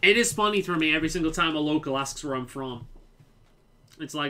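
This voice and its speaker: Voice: medium pitch, expressive, fairly quick, bright, forceful tone. A streamer from the Liverpool area giving casual, rambling commentary while playing a game and swearing freely. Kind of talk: casual let's-play commentary.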